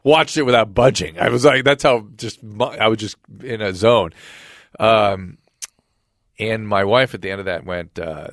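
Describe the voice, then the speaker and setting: A man's voice: fairly low pitch, no room sound, studio quality. A middle-aged man, a podcast host and physician, telling a personal story in casual conversation and acting out the voices of the people in it. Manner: brisk, animated retelling with quoted dialogue.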